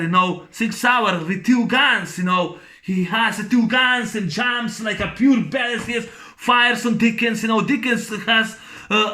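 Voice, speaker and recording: Movie reviewer, male, high-pitched and bright; casual rambling recap, many fillers, bursts into sound effects. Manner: laughs while recounting scenes.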